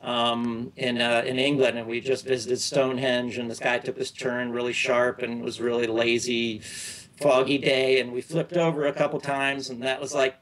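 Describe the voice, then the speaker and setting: In a relaxed interview, a middle-aged male guest wanders from one anecdote to another, often stumbling and restarting his sentences while staying easygoing. His pitch is typical for a man, he speaks at a normal speed, and the recording is rough.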